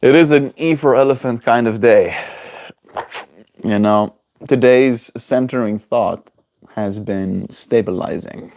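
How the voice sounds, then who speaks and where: A man's voice: mid-range voice, takes it slowly, vocal fry, long pauses, a little mellow. A man chatting casually on his daily livestream, rambling and playful as he answers his chat. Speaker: daily streamer.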